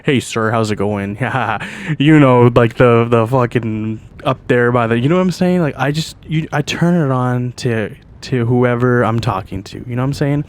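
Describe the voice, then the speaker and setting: A man's voice: medium pitch, normal speed, hardly any pauses. A young Canadian man hosting a podcast, telling a story in a loose, profane way with constant "like" and "you know what I mean". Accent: Canadian English. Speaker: podcast host. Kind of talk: casual storytelling monologue.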